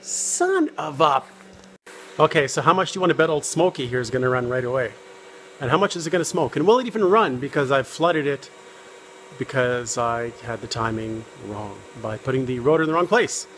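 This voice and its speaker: Man, mid-pitch, casual hobbyist narrating repairs, light self-mockery; slight background noise. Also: animated, a little fast, fairly bright tone. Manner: jokey, self-deprecating, talks while working. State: out of breath. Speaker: car hobbyist vlogger. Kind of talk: casual garage vlog. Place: home garage and driveway.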